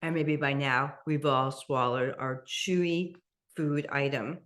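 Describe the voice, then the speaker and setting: A woman teaching a slow, guided mindful eating meditation over a video call, speaking gently with occasional soft laughs. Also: rumbling low, fairly even intonation. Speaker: meditation instructor.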